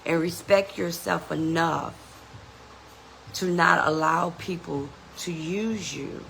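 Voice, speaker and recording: A woman's voice: on the low side, slow, creaky, a bit bright, slight background noise, rough recording. A woman hosting a podcast, giving an earnest, motivational self-help talk and often saying "you know". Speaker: podcast host.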